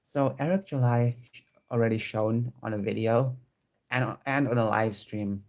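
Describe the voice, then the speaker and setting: Casual home vlogger, male, mid pitch, eager and rambling, restarts his sentences a lot. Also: measured pace. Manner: chatty and excitable, with many restarts. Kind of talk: casual chat to camera. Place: home room with squeaky chairs.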